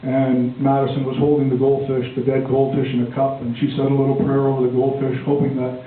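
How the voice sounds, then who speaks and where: A man's voice: medium pitch, monotone, fast, roomy sound, recorded from a distance, narrow, tinny audio, slight background noise. An older man doing first-time storytelling stand-up, rambling fondly with chuckles and many "um, anyway" fillers. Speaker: amateur stand-up comedian.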